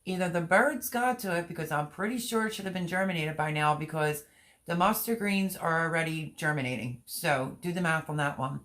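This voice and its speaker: A woman with a fairly low voice hosts a relaxed live stream. She chats and rambles, holds up seed packets while she talks, and reads viewer comments aloud to answer them. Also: brisk. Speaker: gardening channel host. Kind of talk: casual live-stream chat.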